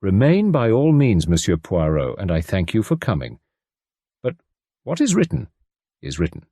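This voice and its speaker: Narrator doing a gloomy doomed old gent, grave, dry close sound. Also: male voice, lowish voice, wildly swooping pitch, moderate pace, warm tone, no echo, full character voice. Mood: resigned. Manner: grave, resigned. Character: stooped, fatalistic older English gentleman, gloomy.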